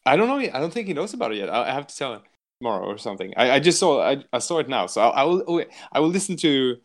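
A man's voice: mid-range voice, very animated, racing. A man hosting a podcast in casual chat, rambling and joking and swearing freely, slipping into silly mock voices now and then. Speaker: podcast host.

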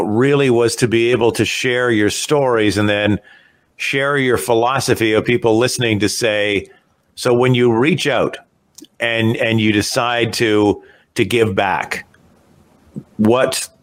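A man's voice: lowish voice, fairly even intonation, a little slow. A man hosting a podcast interview, asking rambling, searching questions. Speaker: podcast host.

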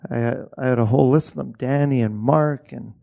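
A man's voice: mid-range voice, gravelly, highs cut off. A Canadian-born man, an assistant director, talking casually with frequent restarts and swearing. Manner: halting, many restarts and swearing. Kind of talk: casual podcast conversation.

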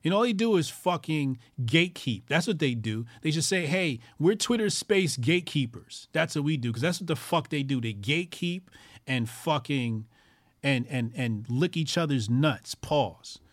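A man's voice: fairly high pitch, expressive, normal speed, dry recording. A man hosting his own commentary show, ranting crudely with constant swearing, mocking people and repeating lines for emphasis.

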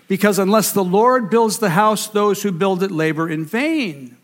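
A man with a fairly high voice preaching a sermon to his congregation. He builds emphatic, rhythmic runs of repeated phrases and lists, pressing each point home. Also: expressive, a little slow. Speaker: pastor.

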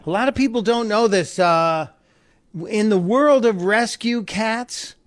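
A man's voice: sits high, unhurried, dry recording, clean studio sound. A man hosting a talk radio show and taking calls, chatty and jokey, often stumbling and repeating words. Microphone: studio microphone.

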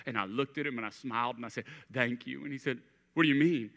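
A man in his thirties preaching a sermon, telling a personal story with acted-out dialogue and swinging between hushed and emphatic delivery. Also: mid-range voice, brisk. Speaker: pastor. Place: church auditorium. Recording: long reverb of a large hall.

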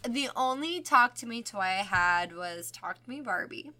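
A woman co-hosting a podcast in casual chat, chatty and quick to laugh, with some swearing. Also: mid-range voice, lively intonation, pushed and bright. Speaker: podcast co-host.

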